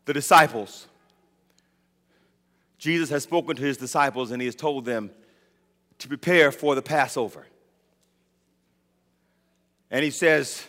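A man preaching a sermon, telling the story dramatically and building up to shouted points. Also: high voice, normal speed, pauses often. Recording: long reverb of a large hall.

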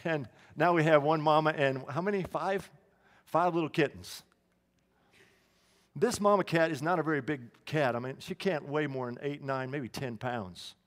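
A man's voice: on the high side, normal speed. A man preaching a sermon in a conversational way, with asides and restarts, in a church. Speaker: pastor. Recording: long reverb of a hall.

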